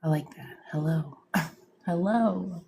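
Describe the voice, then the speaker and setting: A woman's voice: fairly low pitch, slow pace, gravelly, dark tone, slight background noise. A woman hosting a live stream as a psychic medium, chatting casually in slang, greeting viewers and laughing often. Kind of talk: casual livestream chat.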